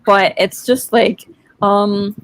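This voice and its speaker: A woman's voice: mid-range voice, steady tone, slow pace. A woman hosting a virtual author event, giving earnest advice in a casual, playful way. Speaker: host. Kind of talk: casual panel chat. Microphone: video call.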